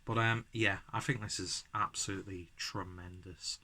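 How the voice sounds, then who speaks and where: A man's voice: sits low, steady tone, normal speed, creaky, pushed and bright. A man reviewing a beer at home in a casual vlog, rambling and self-deprecating, slightly buzzed from drinking. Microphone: camera mic, framed from chest up.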